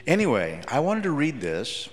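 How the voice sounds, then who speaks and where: A man gives a children's sermon, telling a story from his school days and quizzing the kids as he goes. His pitch swings widely as he talks, and his voice rings through a large, echoey church hall. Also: normal speed, a little hiss or hum. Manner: animated, asks the children questions. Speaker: pastor giving a children's message.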